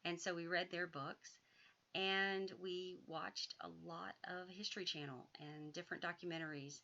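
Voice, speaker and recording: A woman, an author and educator, giving homeschool advice in a measured, thoughtful way, sometimes drawing phrases out. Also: fairly low pitch, steady tone, pushed and bright, dull audio.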